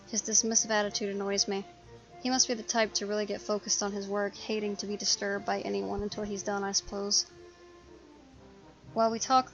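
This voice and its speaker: A woman hosting a let's play, reading a visual novel aloud in a steady narrating voice with small slips. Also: medium pitch, gravelly, muffled recording.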